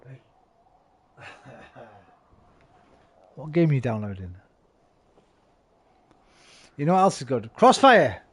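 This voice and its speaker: A man's voice: mid-range voice, big pitch swings, takes it slowly, pauses often, slightly rough. Tipsy, sweary man rambling. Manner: rambling, sweary, swings from loud bursts to mumbling. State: tipsy, slightly slurring. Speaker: game streamer. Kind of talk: casual stream chat.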